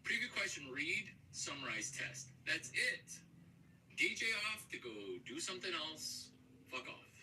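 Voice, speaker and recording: Yeah so a guy ranting all over the place, cussing a lot, loud bursts, distant mic, slight hiss. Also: on the high side, expressive, a little slow. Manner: erratic, jumpy, sudden loud outbursts. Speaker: vlogger. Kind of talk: rambling profane monologue. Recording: distant mic with faint background noise.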